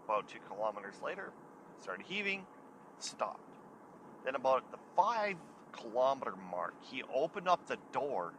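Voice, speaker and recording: Bright-voiced man telling stories. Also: mid-range voice, very animated, normal speed, a little hiss or hum, poor audio. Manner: chatty, laughs at his own stories. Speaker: podcast host. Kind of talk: casual storytelling.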